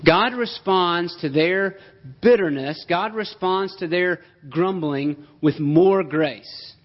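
A man delivers a sermon in a fairly high voice, talking with his congregation as much as to them. He presses his points with rhetorical questions and quick asides. The recording sounds dull and lo-fi. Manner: emphatic, conversational preaching with rhetorical questions. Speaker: pastor.

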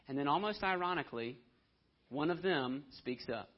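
Husky-voiced man preaching a sermon. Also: on the high side, lively intonation, moderate pace. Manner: conversational preaching, acting out quoted voices. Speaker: pastor. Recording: dull lo-fi audio.

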